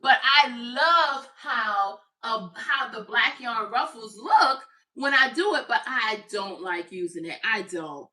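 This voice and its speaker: A woman hosts a relaxed crochet livestream, talking straight to her viewers and reading their comments aloud. Her voice sits a little high and comes across bright and forward. She chats freely and laughs easily. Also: slow. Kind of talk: casual livestream chat.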